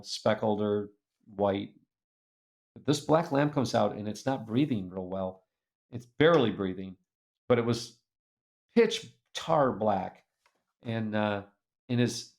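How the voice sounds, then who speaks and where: A man with a gravelly, fry-edged voice tells a personal story as an interview guest. He talks in an earnest, reflective way, and his voice jumps up when he acts out the other people in the tale. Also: on the low side, darkish tone. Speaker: guest speaker.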